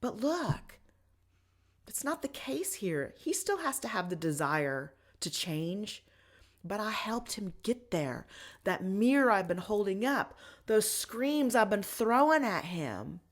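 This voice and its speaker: A woman's voice: medium pitch, sing-song. Candid woman telling a personal story. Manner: candid and emotional, with pace swinging between rushed and slow. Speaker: podcast host.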